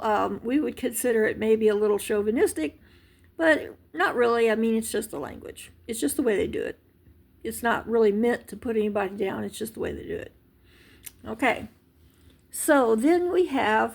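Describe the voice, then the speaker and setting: A woman giving a casual language lesson, patient and unhurried, with many ums and small restarts as she explains. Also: on the high side, gravelly, a little mellow. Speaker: language teacher.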